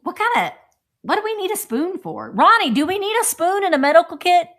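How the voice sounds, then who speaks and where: A woman's voice: extremely high pitch, sing-song, brisk, a bit bright. Chatty woman rambling through a haul. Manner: chatty, rambling, talking to friends off camera. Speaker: thrift vlogger. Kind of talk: casual haul show-and-tell.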